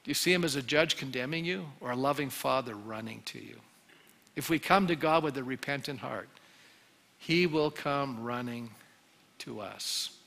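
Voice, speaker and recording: A man's voice: mid-range voice, moderate pace, vocal fry. A man preaching as a pastor, earnest and pleading, repeating phrases as he leads an altar call. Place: church sanctuary. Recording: loud music under the voice. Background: music.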